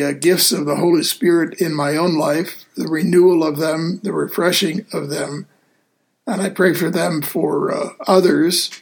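A male deacon hosts a relaxed talk show, his voice a touch higher than most men's and gravelly. He speaks earnestly and unhurriedly, often pausing with "uh" as he gathers his thoughts. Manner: easygoing, earnest, pauses often with "uh". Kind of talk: casual radio show chat.

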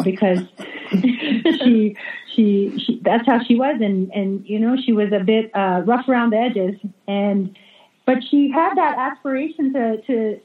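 A woman who is a religious sister, a guest in a remote interview, telling a story with many fillers and restarts. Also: mid-range voice. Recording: echoey, phone-like remote call audio.

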